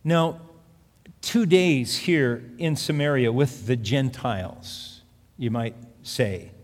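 A man's voice: mid-range voice, slow. A man preaching a sermon as pastor, earnest and conversational, reading scripture aloud between plain asides. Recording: long reverb of a large hall.

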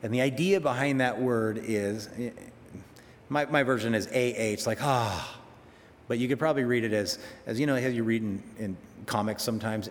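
A male pastor delivering a sermon with lively, animated emphasis. His voice sits at a middle pitch, and now and then it jumps high as he dramatizes quoted words. A long reverb trails behind him, as in a large hall. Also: moderate pace. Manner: animated preaching, acts out quoted prayers with sharp pitch jumps.

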